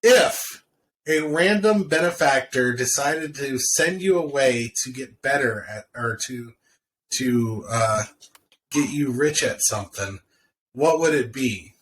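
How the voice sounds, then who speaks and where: A man's voice: mid-range voice, expressive, slow pace, a bit bright, a little hiss or hum. A young man co-hosting a casual movie review podcast, joking and teasing his co-host. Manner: teasing, jokey.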